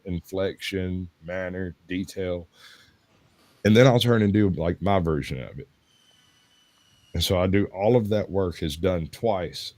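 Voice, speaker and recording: A man's voice: low-pitched, darkish tone, dry recording. A man with a Southern US accent, chatting casually and telling long stories as a co-host. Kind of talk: casual chat.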